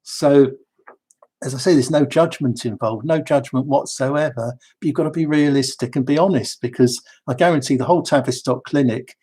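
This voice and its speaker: A man's voice: medium pitch, normal speed, warm tone, breathy edge. A man, giving his strong views in a talk. He speaks with emphasis and often repeats words as he starts a phrase. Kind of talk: opinionated monologue.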